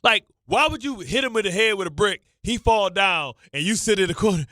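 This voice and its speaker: A man's voice: high voice, animated, a little fast, bright, forceful tone, no echo, clean studio sound. A man hosting a sports radio show, talking in nervous, stammering, repeating bursts of banter. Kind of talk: excitable sports talk banter.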